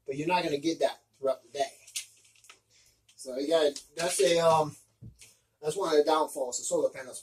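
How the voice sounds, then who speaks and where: A man's voice: on the high side, far from the mic, low-quality recording. A man giving casual step-by-step practical tips, often restarting his sentences as he explains. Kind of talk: casual instructional talk.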